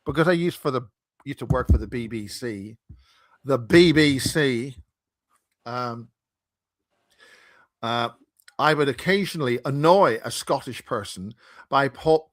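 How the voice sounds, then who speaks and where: Belfast man, mid-pitched, joking and rambling on a dry video call. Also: a bit bright, no echo. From Northern Ireland. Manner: rambling, joking, self-interrupting. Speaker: guest, conference founder. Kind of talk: casual chat. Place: home in Wiltshire.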